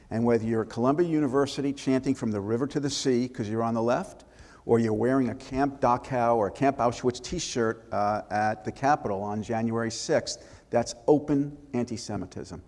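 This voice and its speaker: Gravelly man telling stories in a hall. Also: medium pitch. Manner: lively anecdotal storyteller with restarts. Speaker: author and former congressman. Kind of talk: storytelling in a live interview. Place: synagogue hall before an audience. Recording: long reverb of a hall.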